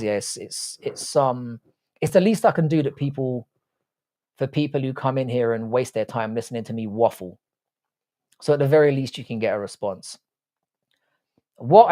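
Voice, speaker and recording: A man's voice: mid-range voice, warm tone. Blunt, swearing man hosting a stream. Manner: blunt, swears freely, rambling with restarts. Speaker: livestream host. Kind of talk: casual live chat reading comments.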